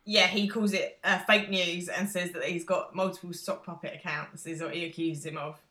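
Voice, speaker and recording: An English woman co-hosting a podcast, chatting about a show with opinionated, lively asides. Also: lowish voice, moderate pace, echoey room. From England. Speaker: podcast co-host. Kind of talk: casual chat recapping a show.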